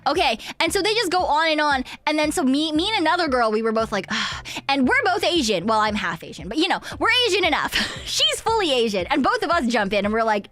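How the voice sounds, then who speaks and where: A woman's voice: high voice, very animated, a little fast, hardly any pauses, a bit bright, faint music behind. A young woman from Canada, streaming a game and chatting casually, rambling and swearing freely as she tells a story with giggles. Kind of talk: casual chat while gaming.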